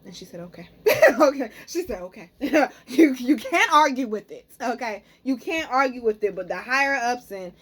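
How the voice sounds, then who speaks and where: A woman's voice: high-pitched, moderate pace. Chatty woman telling a story to viewers. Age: young adult. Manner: animated, talks to viewers as "y'all", frequent "okay?". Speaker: spiritual reader and vlogger.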